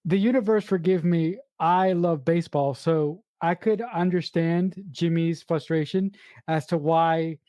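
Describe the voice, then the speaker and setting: A woman's voice: lowish voice, fairly even intonation, unhurried, mellow, no echo. A woman co-hosting a casual movie review podcast, emphatic and blunt, restarting and swearing when she gets worked up. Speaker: podcast co-host.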